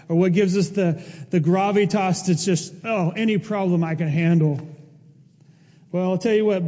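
A man's voice: sits high, dark tone. A male pastor preaching a sermon in an earnest, emotional way, rising to emphatic peaks. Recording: long hall reverb.

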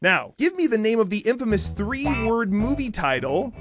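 A man with a notably high voice runs a playful trivia game on a radio show, chuckling as he reads his jokey questions. Music plays clearly underneath the studio talk. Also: sing-song, moderate pace, no room sound. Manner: jokey, laughing through his lines. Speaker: radio show segment host.

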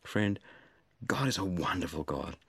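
Male preacher, lively rising and falling delivery, dry close sound, earnest and pleading. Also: low voice, measured pace, vocal fry, breathy edge, no echo. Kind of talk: sermon.

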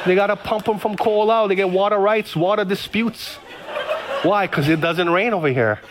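A male pastor from Hawaii, telling stories in a lively sermon and repeating phrases. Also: sits high, moderate pace, background noise. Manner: storytelling, animated, repeats phrases.

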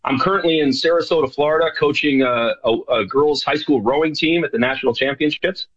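A man's voice: on the high side, brisk, a bit bright, no room sound, dull audio. A man from New York, a guest on a radio show, talking earnestly and rambling with many fillers. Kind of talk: casual radio interview.

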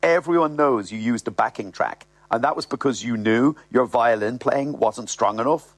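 Indignant young woman, sharp and accusing, read out by a man, dry close sound. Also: medium pitch, moderate pace, dry recording, faint music behind, close to an everyday voice.

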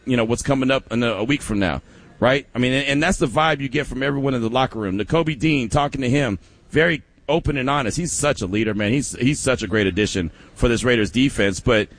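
A man hosting a sports talk radio show, energetic and speaking straight to listeners, often repeating his words. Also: medium pitch, fast talker.

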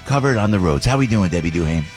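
A man hosting a talk radio show in a studio, telling stories in a casual, animated way and acting out what others said. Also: low voice, fast talker, soft background music. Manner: animated storytelling, acts out others' lines. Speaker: radio host.

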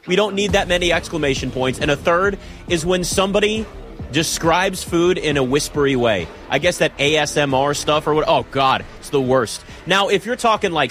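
A man's voice: on the high side, a bit bright. A man hosting a nationwide sports talk show, chatting casually, teasing his producer and rambling through his opinions. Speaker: sports talk radio host.

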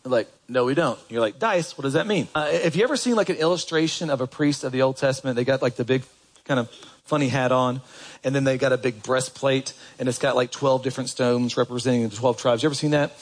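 A man's voice: medium pitch, quick pace, poor audio. A man preaching a sermon in a church, chatty and direct, asking the congregation rhetorical questions and reading scripture aloud. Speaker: pastor.

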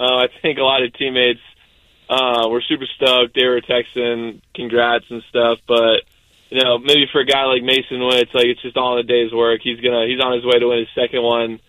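A young adult man, a baseball pitcher, chatting casually as a guest, rambling with many fillers. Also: sharp tone, dry recording, poor audio. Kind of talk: casual interview chat.

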